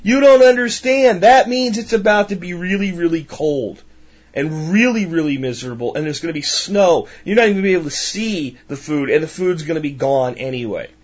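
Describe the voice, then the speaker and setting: A man's voice: a little high, lively intonation, a little fast, muffled recording. A man voicing a group of stern, prudent ants in a fable told on a podcast.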